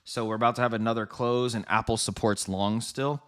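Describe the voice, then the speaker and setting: A man's voice: on the low side, little pitch movement, a little fast, clear, resonant tone. A man hosting a live trading stream, talking casually to viewers with frequent laughs as he comments on the markets. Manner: chatty, laughs often, addresses viewers directly. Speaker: trading livestream host.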